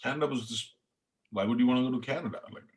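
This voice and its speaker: A man's voice: mid-range voice, racing. A middle-aged man from India with an Indian accent, telling his story as a guest in an interview, earnest and passionate. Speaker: chef, podcast guest. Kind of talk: reflective interview talk.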